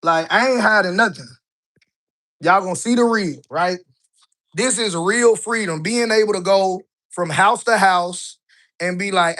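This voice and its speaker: A man's voice: sits high, a little slow, sharp tone. A man talking casually on a live stream while walking through a house with a handheld phone, loose and chatty, often tossing in "right?". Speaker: online business coach. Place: indoors in a house, walking room to room.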